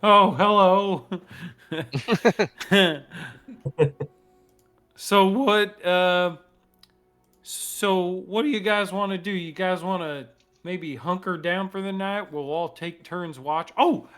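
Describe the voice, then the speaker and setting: A man voicing an earnest, halting male companion who speaks warmly about nature. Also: sits high, faint music behind, voice pushed up. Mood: friendly.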